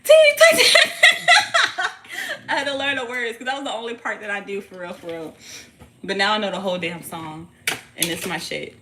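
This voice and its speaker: A playful woman chats loosely through a tarot livestream, her voice bright and sharp. She talks slangy and profane and breaks easily into laughter. A faint hum of room noise sits under her voice. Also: medium pitch, brisk. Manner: playful and loose, teasing a baby between readings. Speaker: tarot reader and streamer. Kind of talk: casual livestream chat.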